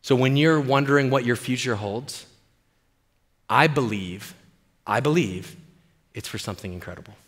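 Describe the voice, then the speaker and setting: A male pastor preaching in an animated, playful way, often putting questions to the congregation. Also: medium pitch, moderate pace, long pauses, slightly rough, big-room sound. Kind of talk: sermon.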